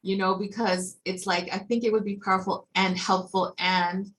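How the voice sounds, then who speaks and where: A woman on a video call, thinking aloud at an unhurried pace and searching for her words in a group conversation. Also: medium pitch, little pitch movement, a bit bright, poor audio. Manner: thoughtful, musing, searching for words. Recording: faint background noise.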